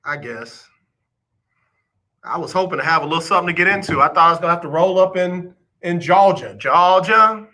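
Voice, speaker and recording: A male radio host chats with his listeners in a teasing, joking way. His voice sits a little high and rings bright and forceful. He talks straight to the audience like old friends. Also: brisk. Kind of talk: casual joking radio chat.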